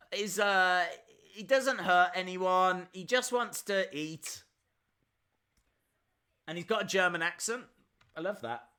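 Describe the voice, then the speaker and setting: A man's voice: high voice, takes it slowly, long pauses, pushed and bright, clean tone. A man hosting a live reaction stream, chatting and answering viewer questions as they come in.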